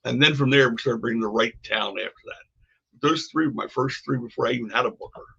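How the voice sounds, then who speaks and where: A man's voice: mid-range voice, quick pace, gravelly, a bit bright, breathy edge. An older man, a podcast guest, telling rambling stories from his past with frequent restarts. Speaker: podcast guest, former wrestling promoter. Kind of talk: casual storytelling conversation. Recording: dull lo-fi podcast audio.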